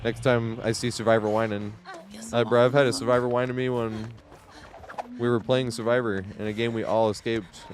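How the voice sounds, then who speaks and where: A man's voice: mid-range voice, little pitch movement, a little fast, background noise. A man streaming a game, chatting casually and telling stories with lots of laughter and swearing. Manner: laughs often, swears freely, tells stories animatedly. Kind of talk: casual live gameplay commentary.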